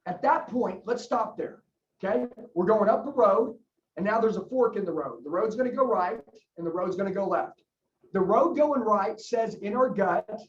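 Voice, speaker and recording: A man's voice: high voice, expressive. Male sales coach, punchy and repetitive, recorded from a distance, dull and roomy sound. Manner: fast, emphatic, coaching, repeats key phrases. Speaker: sales trainer. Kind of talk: energetic sales training talk with role-played customer dialogue.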